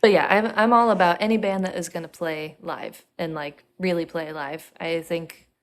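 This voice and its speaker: Woman guest, slightly low voice, laid-back, candid, casual interview chat. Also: steady tone, normal speed. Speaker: musician guest.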